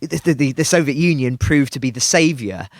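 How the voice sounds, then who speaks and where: A man giving analytical commentary on a podcast, speaking in a measured way and stressing key words as he builds an argument. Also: mid-range voice, lively intonation, no echo, clean studio sound.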